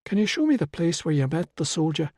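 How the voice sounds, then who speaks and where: A male narrator voicing a calm, resolute young woman who coaxes a frightened boy, with a gentle, patient manner, in a dry close studio sound. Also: a little high, fairly quick, no echo, pitched above the performer's own voice. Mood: coaxing. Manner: gentle, coaxing. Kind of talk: audiobook character voice.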